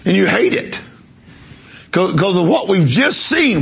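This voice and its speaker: A preacher man telling a story in a sermon, his voice a bit high and full of gravel. He talks emphatically, doubling back on his words as he pushes the story forward. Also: sing-song, a little slow, long pauses, a bit bright.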